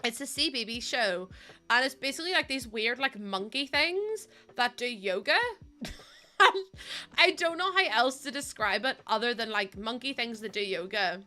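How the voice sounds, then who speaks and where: A woman's voice: on the high side, animated, normal speed, bright, forceful tone, soft background music. A young woman live streaming, chatty and giggly as she greets viewers, sounding sniffly and close to tears. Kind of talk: casual live-stream chat.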